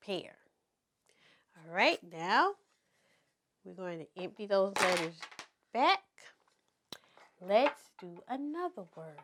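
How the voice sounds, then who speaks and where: A woman teaching toddlers to write letters in a slow, encouraging preschool circle-time manner. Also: mid-range voice, big pitch swings, background noise. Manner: slow, sing-song and encouraging, speaking to toddlers. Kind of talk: children's circle-time lesson.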